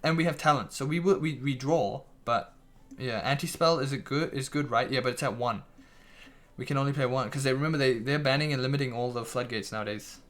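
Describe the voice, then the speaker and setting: A man's voice: mid-range voice, fairly quick, a bit bright. Casual swearing male streamer. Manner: swears casually, restarts a lot, reads chat aloud. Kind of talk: casual live-stream chat.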